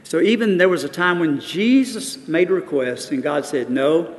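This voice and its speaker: A man's voice: high voice, animated, moderate pace, long reverb tail, a little hiss or hum. A man, preaching a sermon and telling stories that build to emphatic peaks. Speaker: pastor.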